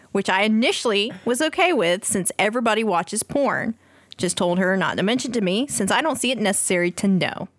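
Female co-host, mid-pitched, very expressive reader, dead-dry recording. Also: a little fast, dry recording. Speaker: podcast co-host. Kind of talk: casual chat, reading posts aloud.

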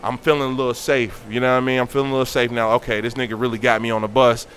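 Animated man telling a story. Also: mid-range voice, racing, slight background noise. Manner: animated, acts out quoted voices. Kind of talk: casual storytelling.

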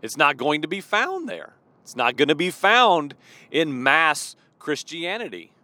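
A man preaching in an animated, emphatic way, his voice rising and falling widely as he drives each point home. He speaks with a slightly higher pitch than most men, repeats his key phrases for weight, and slips into casual fillers between them. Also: a little slow, dry recording. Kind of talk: informal devotional sermon.

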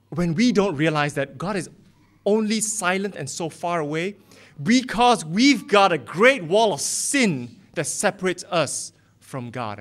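A man with a notably high voice delivers a sermon as a pastor. He preaches with impassioned fervor and drives his points home with strings of rhetorical questions. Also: animated, normal speed, fairly bright tone.

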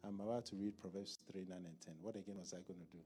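A man preaching a sermon at a church service in a conversational style, asking the congregation questions and clearing his throat. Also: deep voice, steady tone, quick pace, dark tone. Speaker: pastor.

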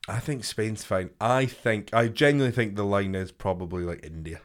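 Male podcast co-host, low-pitched, blunt casual talk with swearing. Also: normal speed, a little hiss or hum. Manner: blunt, sweary, agreeable banter. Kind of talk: casual chat.

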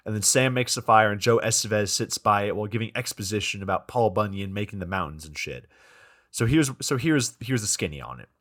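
A man's voice: fairly low pitch, expressive, fairly quick, a bit bright. A man casually recapping a bad movie for a podcast, swearing freely and acting out the characters' lines. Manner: profane, storytelling with quoted voices. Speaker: podcast co-host recapping a film.

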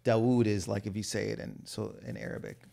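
A man's voice: fairly low pitch, a little fast, creaky. A man telling comedy stories. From Lebanese family background. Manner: animated storyteller, acts out quoted voices. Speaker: stand-up comedian. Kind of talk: casual storytelling chat.

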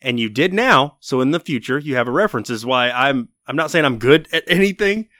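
A man in easygoing podcast talk, joking around and offering reassurance. His voice sits at a middle pitch. The recording is dry and close-miked. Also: lively intonation, brisk, pushed and bright, no room sound. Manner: laid-back, reassuring, joking. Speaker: podcast co-host. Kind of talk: casual chat.

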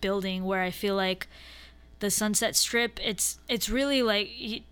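A woman's voice: medium pitch, unhurried, a bit bright, smooth. A woman with a congested voice, a musician guest in casual interview chat who fills her speech with "like". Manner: chatty, lots of "like".

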